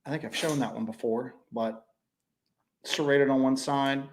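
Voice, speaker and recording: A man co-hosting a casual livestream, rambling and animated, slipping into quoted voices as he tells stories. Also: medium pitch, moderate pace, background noise. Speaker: co-host.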